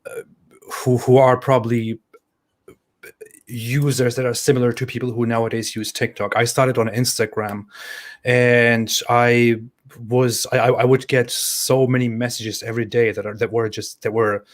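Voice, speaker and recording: A man with a mid-range voice hosts a casual live-stream discussion. He talks haltingly, restarting his sentences and filling the gaps with "uh.". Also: mid-range voice, flat delivery. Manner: halting, many restarts and fillers.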